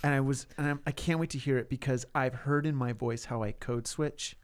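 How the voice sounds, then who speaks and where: A man co-hosting a podcast, chatting casually in a playful, camp, animated way. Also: mid-range voice, a little fast. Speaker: podcast co-host. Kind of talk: casual chat.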